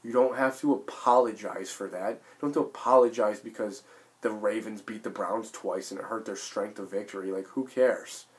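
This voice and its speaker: A man in his late twenties with a hoarse voice from illness, talking in a rambling, emphatic sports vlog full of restarts. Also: lowish voice, steady tone, moderate pace. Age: late 20s. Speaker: sports vlogger. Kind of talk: casual sports vlog monologue.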